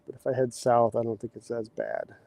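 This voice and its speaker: A man digging post holes outdoors runs a casual livestream, chatting and reading viewer comments, at times breathing hard. His mid-range voice is brisk, sing-song, creaky, and mellow, with no room sound.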